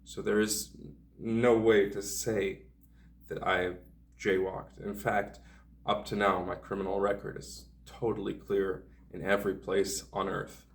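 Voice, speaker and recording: Low-voiced man telling a rambling story. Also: flat delivery, a little slow, gravelly, far from the mic. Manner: meandering, sardonic, hedging asides. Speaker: vlogger.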